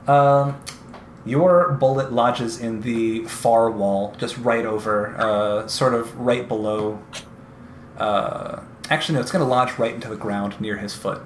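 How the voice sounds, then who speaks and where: A man running a tabletop game as game master, narrating in a halting way with many fillers. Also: medium pitch, fairly even intonation, echoey room, a little hiss or hum.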